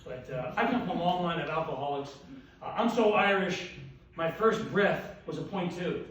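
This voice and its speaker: A man's voice: fairly high pitch, a bit bright, distant mic. Older man doing one-liners in an echoey hall. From Wilmington, Delaware, US. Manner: rapid one-liners with self-deprecating asides. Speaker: orthopedic surgeon telling jokes. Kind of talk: stand-up comedy at a dinner event. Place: banquet hall with audience. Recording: roomy hall audio with crowd laughter.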